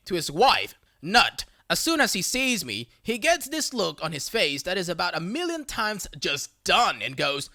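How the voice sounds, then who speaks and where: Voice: mid-range voice, very animated, normal speed, hardly any pauses, pushed and bright, dry recording, studio quality. A text-to-speech voice reading online stories aloud, spelling out abbreviations letter by letter. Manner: synthetic, reads abbreviations letter by letter. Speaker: narrator.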